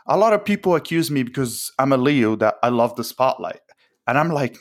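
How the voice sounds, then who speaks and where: A man's voice: mid-range voice, big pitch swings, fairly quick. A man co-hosting a podcast, speaking in an easygoing, wry casual chat. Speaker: podcast co-host.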